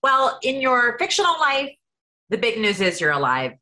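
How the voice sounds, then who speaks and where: Bright, upbeat woman interviewer. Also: on the high side, sing-song, normal speed. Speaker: podcast co-host, interviewer. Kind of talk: interview questions.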